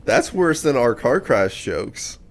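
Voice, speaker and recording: A man's voice: medium pitch, sing-song, takes it slowly. A man co-hosting a podcast, reacting to a book recap in casual banter with exclamations and swearing. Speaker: podcast co-host.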